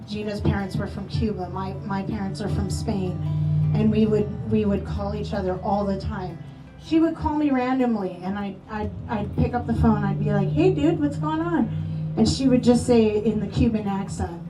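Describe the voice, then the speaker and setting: A woman telling affectionate, animated stories about a late friend at a memorial, acting out quoted lines. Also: medium pitch. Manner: animated storytelling with playful quoted voices. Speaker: memorial speaker. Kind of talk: eulogy storytelling. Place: memorial gathering hall. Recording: roomy echo, distant from mic, soft music.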